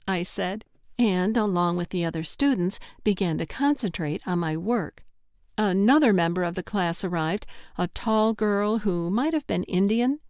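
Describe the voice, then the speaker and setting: A woman's voice: medium pitch, unhurried, a little mellow, no room sound. Woman narrating an audiobook, dry sound. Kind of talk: scripted first-person narration.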